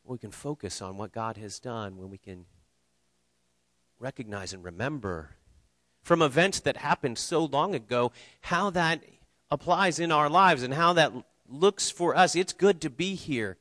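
A man's voice: mid-range voice, unhurried, a bit bright, dry recording. A man preaching a sermon in a church, earnest and conversational, with small restarts and light humor. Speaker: pastor. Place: church sanctuary.

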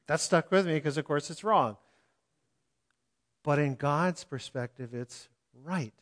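An older man preaching a sermon in a conversational way, chuckling often and animated as he speaks. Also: fairly high pitch, slow. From California. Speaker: pastor.

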